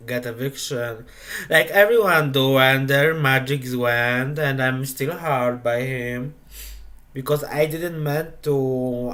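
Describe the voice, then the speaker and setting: A tearful man speaks slowly in halting. His voice is bright, and his words come in an emotional, faltering confessional. He sounds on the edge of crying throughout. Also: medium pitch. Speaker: game player.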